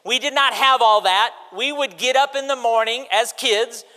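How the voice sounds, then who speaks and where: A man preaching an animated sermon to a church congregation, calling out to the crowd. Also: very high voice, moderate pace. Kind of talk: sermon with audience participation. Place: church sanctuary. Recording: hall reverb in a large church.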